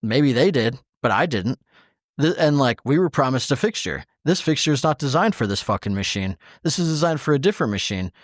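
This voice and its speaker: An exasperated man on a podcast, ranting in loose casual chat and swearing freely as he acts out both sides of each quoted exchange. His voice sits at an ordinary middle pitch and is recorded dry and close on a studio mic, with no room sound at all. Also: very animated, a little fast, no echo. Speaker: podcast co-host.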